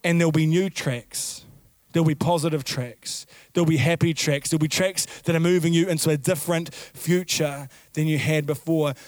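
A man preaching a sermon as pastor, animated, with sudden shouted outbursts and repeated phrases. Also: fairly high pitch, moderate pace, dry recording.

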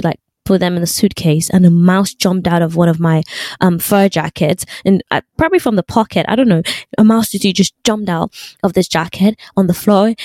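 A young woman tells a story to her viewers in a chatty, animated way, full of fillers. Her voice sits at a middle pitch. The sound is dry and close, with no room echo. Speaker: vlogger. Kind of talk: casual storytime chat.

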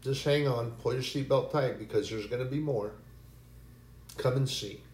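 A man preaching a sermon, earnest and animated, who now and then acts out frightened voices. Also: mid-range voice, normal speed, a little hiss or hum. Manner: earnest, animated preaching with sudden bursts of acted panic. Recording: echoey room.

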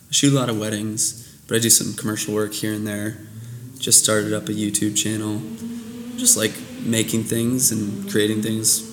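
A man's voice: lowish voice, reverberant, background noise. A man, a photographer and filmmaker talking as a podcast guest in an easygoing, self-deprecating way. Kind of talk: casual interview chat.

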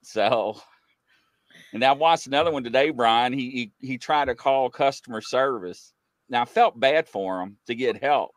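A man hosting a casual chat show, telling funny stories with sudden loud outbursts. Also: mid-range voice, normal speed, dry recording. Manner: animated, laughing storyteller with sudden loud outbursts. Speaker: host.

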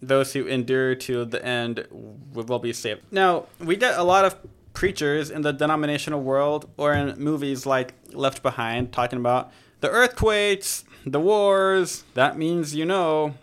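A man's voice: fairly high pitch, steady tone, a little slow, fairly bright tone, smooth. A man hosting a podcast, discussing scripture in a conversational, joking way and correcting himself as he goes. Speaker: podcast host. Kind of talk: casual Bible discussion.

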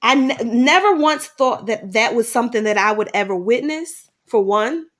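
A middle-aged woman telling a personal story in conversation, animated at times and quiet at heavy moments. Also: a little high. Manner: animated, acts out dialogue in quick bursts. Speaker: guest sharing a personal story.

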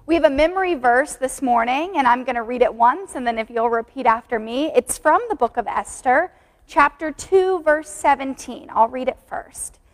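A woman teaching a children's church class, friendly and clear, reading slowly so they can repeat after her. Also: high voice. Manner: friendly, clear, slow when reading aloud. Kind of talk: teaching children, craft and memory verse.

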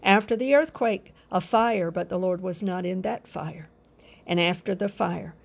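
A woman preaching a sermon with fervent emphasis, drawn-out phrases and soft asides. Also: lowish voice, vocal fry.

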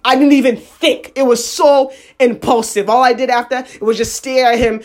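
A young woman telling a personal story in a casual, slangy monologue, animated and acting out what people said. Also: a little high, normal speed. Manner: animated, slangy, acts out quotes.

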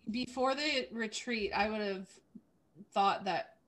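A woman's voice: medium pitch, slow pace, a bit bright. A woman hosting a conversation, responding with enthusiasm to her guest. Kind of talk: conversational interview.

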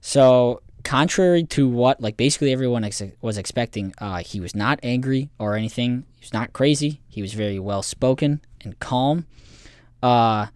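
A man's voice: mid-range voice, moderate pace, a little mellow, smooth, no echo, clean studio sound. A man co-hosting a podcast, casually recapping a documentary in a rambling way, swearing and laughing often. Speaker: podcast co-host.

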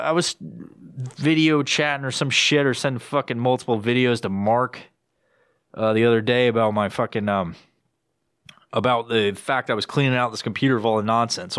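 A young man rants into his home podcast microphone, swearing nearly every sentence and doubling back mid-thought. His voice sits at an ordinary middle pitch for a man, jumping high when he acts out his own frustration. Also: no echo, clean studio sound. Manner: profane, rambling, swears constantly; jumps into high excited voice when quoting himself. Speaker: podcast host. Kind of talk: casual solo podcast rant. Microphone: podcast microphone with headphones.

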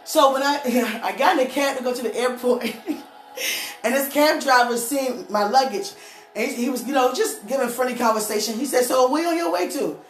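A woman preacher giving a lively, storytelling testimony, laughing often as she speaks. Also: high-pitched, moderate pace, slight background noise. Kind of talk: church testimony sermon. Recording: echoey room with faint music.

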